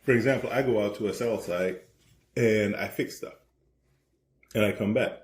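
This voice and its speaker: Guy co-hosting a faith podcast at the breakfast table, steady and explaining things, room echo around him. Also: on the low side. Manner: measured, explanatory, leans into quoted dialogue. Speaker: podcast co-host, husband. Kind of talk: casual chat. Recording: roomy echo.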